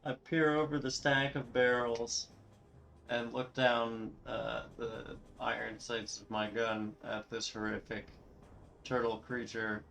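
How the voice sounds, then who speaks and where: A man's voice: medium pitch, level tone, takes it slowly, vocal fry, a bit bright, soft background music, low-quality recording. A man playing a tabletop role-playing game, describing his character's actions. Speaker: player. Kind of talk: casual tabletop play.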